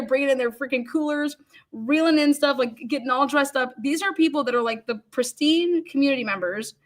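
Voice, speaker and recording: A woman's voice: fairly high pitch, fairly bright tone. A woman telling a funny personal story in a casual way. She swears a lot, laughs while she talks, and acts out what other people said.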